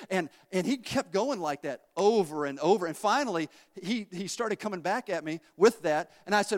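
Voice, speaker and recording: A man preaching a sermon as pastor, telling stories in an animated way that rises to shouting at peaks. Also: high-pitched, brisk, big-room sound. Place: church sanctuary. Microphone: handheld or stage mic.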